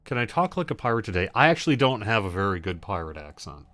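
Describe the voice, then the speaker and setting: A man with a fairly low voice hosts a laid-back gaming livestream. He talks in a loose, rambling way, reading out and answering questions from chat. The sound is dry and close, with no room echo. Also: sing-song, quick pace, fairly bright tone, faint music behind. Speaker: livestream host.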